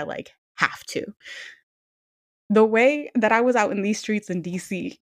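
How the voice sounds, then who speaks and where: A young woman chats as a podcast co-host, blunt and foul-mouthed. She acts out what others said while she tells her stories. Her voice sits at a middle pitch and sounds dry and close, with no room echo. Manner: blunt, profane storytelling with acted-out quotes. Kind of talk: casual chat.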